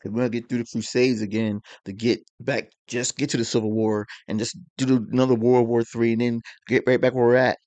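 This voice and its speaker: A man rants about politics to his audience at a medium pitch. He rambles, leans on slang, and keeps firing rhetorical questions in a heated tone. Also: level tone, brisk, hardly any pauses, darkish tone. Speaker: online commentator. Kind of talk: political rant.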